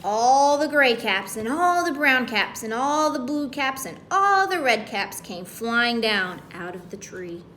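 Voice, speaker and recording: A woman's voice: fairly high pitch, big pitch swings, measured pace, few pauses, pushed and bright, slight background noise. A woman reading a children's story aloud, playfully asking the kids questions as she goes.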